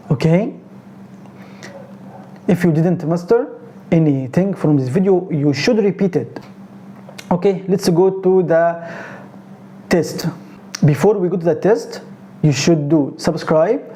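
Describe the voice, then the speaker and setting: A native Arabic-speaking man with an Egyptian accent leads a beginner pronunciation lesson. He talks very slowly and says each sound over and over, correcting common mistakes as he goes. His voice is soft and dark, and a faint background noise sits under it. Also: a little high. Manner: slow, repetitive drilling of sounds, corrective. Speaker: Arabic teacher.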